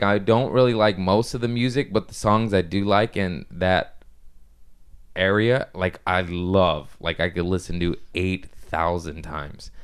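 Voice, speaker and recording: A man hosting a casual podcast, telling loose, profane stories and acting out quotes with a lively voice. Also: sits low, clean tone. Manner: loose storytelling, swearing, lively impressions in quotes. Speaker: comedian podcast host. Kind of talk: casual chat.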